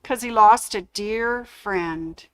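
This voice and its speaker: A woman's voice: mid-range voice, slow, fairly bright tone, a little hiss or hum, low-quality recording. A woman hosting a casual fabric store livestream, chatty and full of corny jokes. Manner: chatty, cracks corny puns. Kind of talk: casual livestream product showcase.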